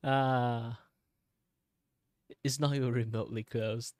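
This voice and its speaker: A young man with a Malaysian English accent that leans slightly British chats casually while drawing on stream. Worn out after long hours, he laughs often and breaks into loud, high exclamations. His speech is animated at normal speed, with clean, echo-free studio sound.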